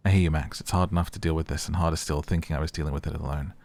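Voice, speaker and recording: A gaming YouTuber with a deep, darkish voice does let's play commentary, reading the game's texts aloud between casual remarks. He talks in a steady tone at a rapid-fire pace, chatty and leaning on "like" a lot.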